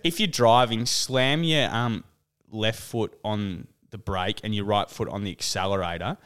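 A man's voice: on the low side, measured pace, fairly bright tone, clean tone. A man, co-hosting a casual podcast and rambling through anecdotes with lots of "like" and "mate". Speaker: podcast co-host. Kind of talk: casual chat.

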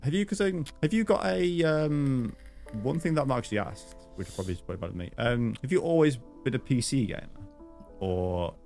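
A man's voice: mid-range voice, lively intonation, brisk, a little mellow, soft background music. A man hosting a podcast in casual chat, rambling with lots of fillers and teasing his guest. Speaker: podcast host.

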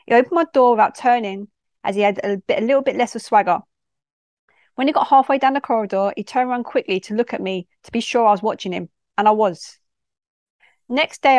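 A woman's voice: mid-range voice, no room sound, studio quality. A woman, a youth worker reading a personal story in a direct, no-nonsense way. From London.

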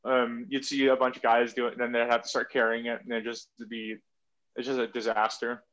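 A man's voice: medium pitch, monotone, brisk, a bit bright. Rambling, casual man, slightly muffled. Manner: loose, rambling storytelling with lots of "like" and casual swearing. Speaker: guest. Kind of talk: casual conversation.

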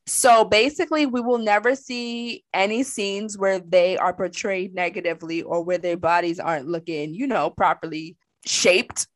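A woman co-hosting a casual entertainment chat show, sassy and animated with colloquial talk. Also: medium pitch, moderate pace, no room sound. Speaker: co-host.

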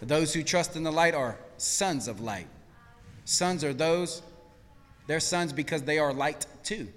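A male pastor preaching a sermon, swinging between hushed lines and shouted peaks. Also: on the high side, unhurried, big-room sound. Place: church sanctuary.

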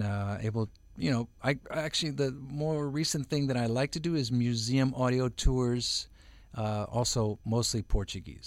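A man's voice: mid-range voice, a little mellow, no echo. A middle-aged man, a voice-over artist, chatting as an interview guest at home, rambling with lots of fillers and restarts. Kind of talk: casual interview chat.

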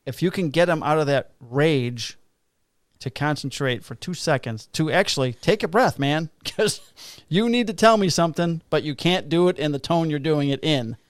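A man's voice: on the high side, moderate pace, dry recording, clean studio sound. A middle-aged man, a police officer co-hosting a podcast, joking and laid-back, swearing casually.

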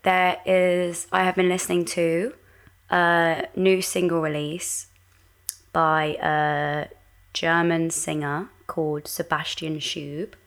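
A woman co-hosting a podcast, chatting earnestly and casually with many pauses. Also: lowish voice, level tone. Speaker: podcast co-host. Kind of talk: casual chat.

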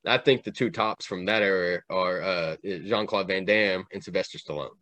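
A man's voice: deep voice, fairly bright tone, no room sound. A man making his case as a guest in casual podcast chat. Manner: quick, thoughtful talker.

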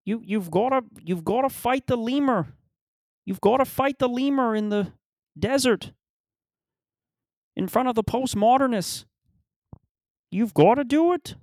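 A man doing a shrill preachy pundit. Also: animated, unhurried, pauses often, a little mellow, no echo, studio quality, full character voice. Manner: high-pitched preachy ranting. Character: pompous lecturing male pundit.

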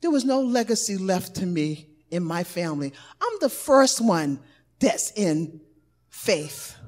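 A woman elder preaching a sermon, building from quiet teaching to shouted encouragement. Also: mid-range voice. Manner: rises to shouted exhortation, call-and-response cadence.

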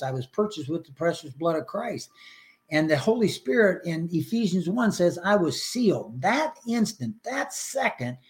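An older man sharing his personal faith story in a podcast interview, earnest and emotional, acting out his prayers. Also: a little high.

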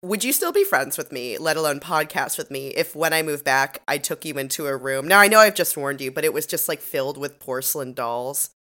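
A woman co-hosting a podcast, recapping a TV episode in giggly, animated casual chat. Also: low voice, fairly quick, few pauses. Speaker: podcast co-host.

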